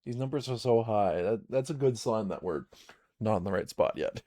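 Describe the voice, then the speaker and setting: A man's voice: fairly low pitch, expressive, normal speed, mellow, no room sound, clean studio sound. A man narrating a solo tabletop game on a live stream, reading game text aloud and chatting to himself as he plays.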